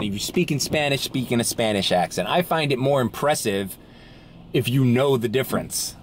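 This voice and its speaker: Man, young adult, slight Latino accent, sarcastic rant, in-car vlog, faint road noise. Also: mid-range voice. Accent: Latino-accented English. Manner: blunt, swearing, sarcastic. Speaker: food delivery driver. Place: in his car.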